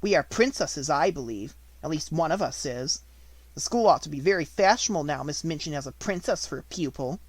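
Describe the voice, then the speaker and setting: A man's voice: a little high, lively intonation, brisk, breathy edge, no echo. A man voicing a spiteful, bossy schoolgirl who sneers and commands. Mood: sneering. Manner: scornful, commanding.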